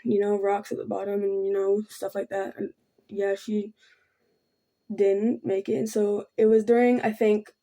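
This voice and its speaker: A young woman chats through a personal story as she does her makeup, halting and rambling with constant fillers. Her voice stays mellow and low in tone, with little rise and fall. She sounds soft and keeps apologizing. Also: little pitch movement. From Thailand. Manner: halting and rambling, full of ums and likes. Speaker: vlogger. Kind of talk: casual storytime while doing makeup.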